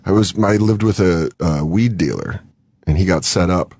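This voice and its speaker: A young man telling a wild story on a radio show, animated and quick to act out other people's lines. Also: sits low, slightly rough. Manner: animated storyteller, acts out quotes, laughs often. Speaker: comedian guest. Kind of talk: casual radio show chat.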